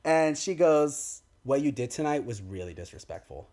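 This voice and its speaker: A young man co-hosting a podcast, telling a story in casual chat and acting out the quoted lines of others. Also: moderate pace. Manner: animated, acts out quoted dialogue with big pitch swings. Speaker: podcast co-host. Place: podcast studio.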